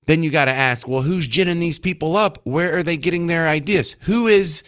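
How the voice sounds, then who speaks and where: A man's voice: a little high, normal speed, a bit bright. A man hosting a talk radio show, delivering a sarcastic, combative opinion monologue from a studio.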